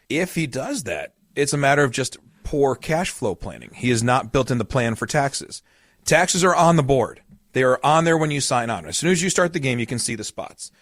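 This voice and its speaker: A man's voice: medium pitch, no echo. Man coaching on retirement, dry sound. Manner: explanatory, storytelling with everyday examples. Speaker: retirement coach and podcast host. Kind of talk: casual podcast chat.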